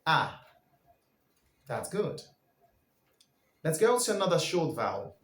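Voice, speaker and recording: Slow, lively-voiced pronunciation teacher man. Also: on the high side, echoey room. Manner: drills sounds for listeners to repeat.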